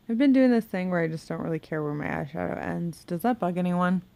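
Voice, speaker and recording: Her voice low, dark and creaky, a beauty vlogger talks a little fast with few pauses while doing her makeup in her home bedroom. She chats casually, talks to herself as she works, and hums and mutters from time to time.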